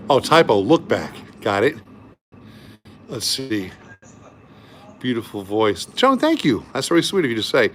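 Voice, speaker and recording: A man's voice: mid-range voice, sing-song, a little slow, pauses often, a bit bright, slight background noise. A man hosting a live music stream, chatting effusively between songs and reading viewer comments aloud.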